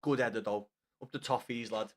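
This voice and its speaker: A man's voice: fairly low pitch, steady tone, a little fast. A man chatting with his live-stream viewers, full of banter and swearing, repeating himself and calling them lad and mate. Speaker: streamer reading chat.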